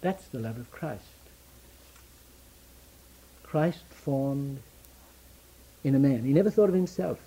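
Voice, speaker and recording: A man preaching a sermon, asking rhetorical questions and answering them in short, repeated phrases, rising to loud emphasis and then dropping to hushed, slow lines. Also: medium pitch, expressive, slightly rough, low-quality recording. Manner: slow deliberate stresses on key phrases.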